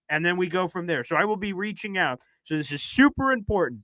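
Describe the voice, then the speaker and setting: A man hosting a live sports stream, chatty and energetic, talking fast. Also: high-pitched, no echo. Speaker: podcast host. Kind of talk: casual live-stream chat.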